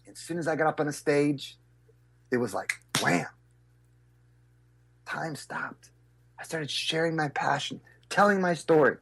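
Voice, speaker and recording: A man's voice: a little slow, creaky, pauses often, breathy edge. A middle-aged man telling stories as an interview guest, acting out quotes with big jumps in his voice. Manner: lively, acts out quotes with big pitch jumps. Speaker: guest speaker and business coach. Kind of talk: animated storytelling interview.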